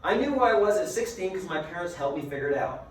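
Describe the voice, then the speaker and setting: A man giving a motivational seminar as a business coach, a lively storyteller who asks his listeners rhetorical questions. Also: sits high, fast talker. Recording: very echoey room, mic far off, faint noise.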